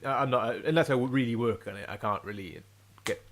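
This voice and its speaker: A man's voice: mid-range voice, quick pace, fairly bright tone. A man co-hosting a podcast, chatting playfully and poking fun at himself. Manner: playful, self-mocking. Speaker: podcast co-host. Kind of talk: casual banter.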